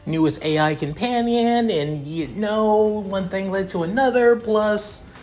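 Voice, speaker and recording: A man's voice: medium pitch, moderate pace, a little hiss or hum, lightly acted. A man doing a sheepish young prince. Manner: rambling, stammering. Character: young male prince inventor, easygoing, sheepish.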